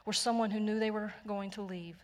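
A Texan woman delivers a sermon in an earnest, gentle storytelling voice, sometimes sinking to a near whisper. Her voice rings through a church hall with a long echo. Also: mid-range voice, steady tone, fairly quick. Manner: gentle, earnest storytelling with soft hushed passages. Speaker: pastor. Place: church sanctuary.

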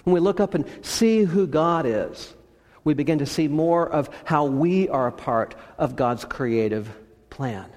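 A pastor giving a sermon, telling a story with emphatic phrases that soften at their ends. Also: male voice, fairly high pitch, lively intonation, a little slow, in a large hall.

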